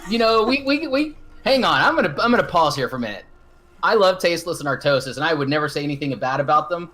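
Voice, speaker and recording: A man's voice: a little high, very animated, quick pace, bright, forceful tone. A man giving casual, rambling color commentary on an esports match, joking and self-deprecating. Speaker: esports co-caster.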